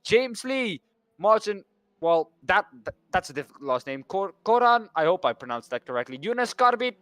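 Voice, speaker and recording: A man's voice: high-pitched, very animated, fairly bright tone, dry recording. A man from the Netherlands, commentating a sim racing broadcast and walking through schedules and standings. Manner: talks through schedules and standings, pausing on names. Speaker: race commentator.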